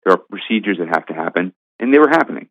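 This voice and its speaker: A man's voice: low-pitched, sing-song, very fast, no room sound. A man, a senior editor, giving emphatic, argumentative political commentary in an interview. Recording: tinny phone line.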